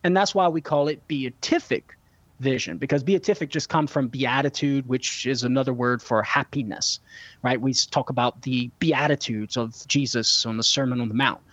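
A man's voice: medium pitch, normal speed, a bit bright, dry recording, dull audio. A man with children, answering callers' questions on a call-in show in an earnest, teaching manner, repeating words for emphasis. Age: young adult to middle-aged, a father. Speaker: guest theologian answering callers.

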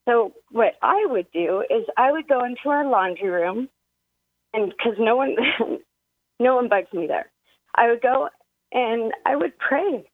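A woman in her forties calling in to a radio show, speaking in a halting, emotional way and choking up as she talks. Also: a little high, no room sound. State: tearful. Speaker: caller. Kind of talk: call-in radio conversation. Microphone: phone. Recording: thin phone line.

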